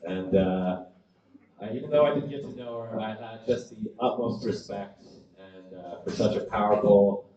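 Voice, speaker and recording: Halting middle-aged man, echoey hall. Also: lowish voice, mellow. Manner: halting, many "uh" fillers, wry. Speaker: family friend giving a eulogy. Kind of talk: unscripted memorial speech. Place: large hall at a memorial gathering. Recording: roomy, far from the mic, dull.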